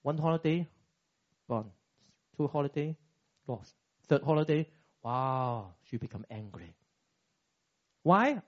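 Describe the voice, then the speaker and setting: A man in his fifties preaching a sermon as a pastor, animated and acting out quoted dialogue with sudden pitch jumps. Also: slow, long pauses, lo-fi sound.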